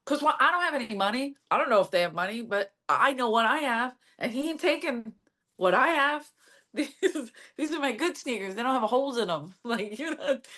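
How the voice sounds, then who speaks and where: A woman's voice: on the high side, normal speed. A woman with a Philadelphia accent, a stand-up comedian guest telling stories in casual chat and acting out quoted lines. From Philadelphia area. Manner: brash, animated storyteller acting out quotes.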